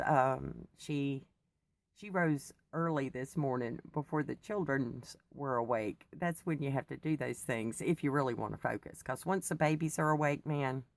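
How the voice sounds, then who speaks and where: A woman's voice: extremely low pitch, no room sound. A middle-aged woman chatting in a rambling, digressive way, keyed up on coffee after little sleep. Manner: chatty, digressive, laughs often. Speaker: faith vlogger. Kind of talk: rambling personal talk.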